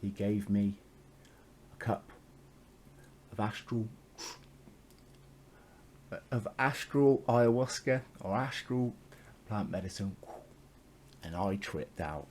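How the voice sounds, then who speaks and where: A man's voice: on the low side, slow, long pauses, darkish tone, a little hiss or hum. A man telling a spiritual story in a casual, meandering monologue, swearing freely and chuckling often.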